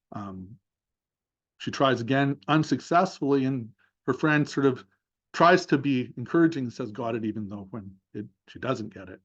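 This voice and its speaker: A man's voice: mid-range voice, slightly rough, lo-fi sound. A man giving a seminar talk over a video call, thoughtfully narrating a session step by step with many fillers. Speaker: seminar speaker.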